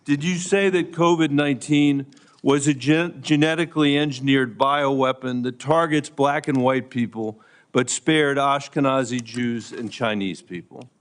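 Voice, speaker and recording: A man's voice: medium pitch, fairly even intonation, measured pace. A man, a senator, questioning a nominee at a hearing in a pointed, insistent yes-or-no manner.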